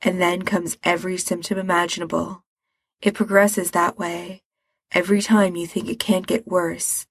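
A woman's voice: on the low side, flat delivery, normal speed, husky. A woman doing a weary, grieving older man. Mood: heavy, weary.

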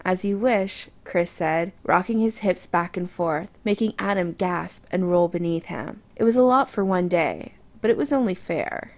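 A woman reading romance fiction aloud in a soft, intimate narration. Her voice has a gravelly, creaky texture. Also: lowish voice, lively intonation, normal speed, few pauses.

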